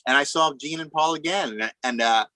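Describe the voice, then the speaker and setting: Bright-voiced man telling lively stories. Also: fairly high pitch, a little fast, dry recording, low-quality recording. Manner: animated anecdote teller, acts out voices. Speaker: podcast guest, musician. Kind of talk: casual storytelling chat.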